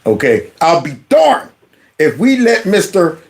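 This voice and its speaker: Sarcastic man reacting to a clip. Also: unhurried. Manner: sarcastic, mocking, echoes the clip's words back; animated, swings from loud jabs to low mutters. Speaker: political commentary host. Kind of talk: reaction commentary on a video clip.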